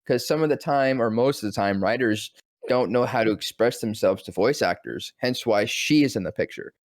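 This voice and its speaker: A young man tells a story with excitement, jumping into different voices as he quotes people. He swears casually, and his voice sounds dry and close to the mic. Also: medium pitch, moderate pace, no echo. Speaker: voice actor guest. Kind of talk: animated storytelling interview.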